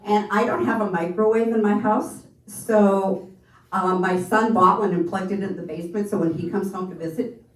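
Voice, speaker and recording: A woman's voice: medium pitch, fairly even intonation, moderate pace. A woman in her fifties from Minnesota, performing stand-up in a chatty, self-deprecating way with lots of hesitant fillers. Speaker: stand-up comedian. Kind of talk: stand-up comedy set. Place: comedy club stage. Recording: echoey room, distant mic, faint noise.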